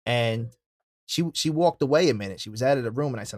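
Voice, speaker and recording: A young man hosting a wrestling podcast, telling stories in a loud, profane, casual way. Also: medium pitch, fast talker, no echo, clean studio sound. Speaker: podcast host. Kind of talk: casual chat.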